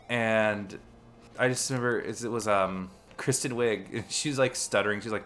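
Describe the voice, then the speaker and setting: A man's voice: on the low side, normal speed, a bit bright. A man streaming a video game and chatting casually while he plays, rambling and restarting his sentences often. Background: faint game music.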